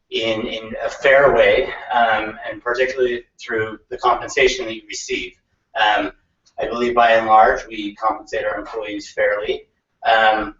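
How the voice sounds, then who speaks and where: A man's voice: mid-range voice, fairly bright tone. Man giving a campaign speech at a podium. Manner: informal, chatty, with fillers. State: out of breath. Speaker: county council candidate. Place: meeting room with an audience. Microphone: podium mic. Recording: roomy, distant, dull lo-fi sound.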